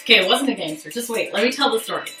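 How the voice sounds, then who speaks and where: Rapid-fire and expressive, this young Canadian woman's fairly high, pushed, bright voice sounds far from the mic in an echoey room with faint music. On her live stream she tells a personal story casually, candidly and profanely, chatting with viewers.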